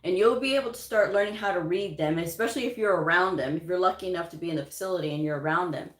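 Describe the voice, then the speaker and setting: A woman's voice: lowish voice, very fast. A woman hosting a casual live chat on her channel, giving career advice on medical coding. She speaks emphatically, repeats her points and chuckles often. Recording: roomy echo.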